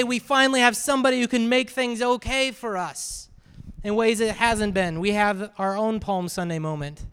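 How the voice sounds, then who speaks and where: A man's voice: high-pitched, fairly even intonation, normal speed, fairly bright tone, clean tone. A man preaching a sermon as a pastor, talking conversationally and often asking the congregation "right?". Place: church sanctuary. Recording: reverberant hall.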